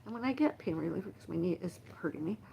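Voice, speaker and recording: Middle-aged woman host, low gravelly voice, rambling emotional phone livestream. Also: lively intonation, background noise. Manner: halting, emotional, repetitive lists. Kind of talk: rambling personal monologue.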